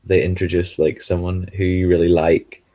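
Deep-voiced man in casual chat. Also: little pitch movement, normal speed, warm tone. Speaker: podcast co-host. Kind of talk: casual chat reviewing an episode.

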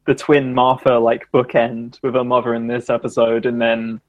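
A man co-hosting a casual chat, animated, laughing often and jumping up in pitch when excited. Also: moderate pace, narrow, tinny audio. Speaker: podcast co-host.

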